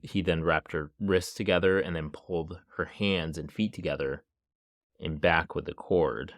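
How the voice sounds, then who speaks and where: A man's voice: sits low, steady tone, normal speed, no echo, clean studio sound. A man hosting a podcast, retelling a true crime story casually with frequent "like" and small laughs. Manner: casual, laughs between lines, lots of "like". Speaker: podcast host.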